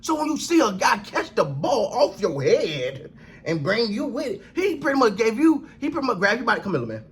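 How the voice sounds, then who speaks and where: A man's voice: very high voice, big pitch swings, moderate pace, a bit bright, a little hiss or hum. A man hosting a sports channel, giving a casual, emphatic reaction rant, repeating phrases and using slang. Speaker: sports commentary host.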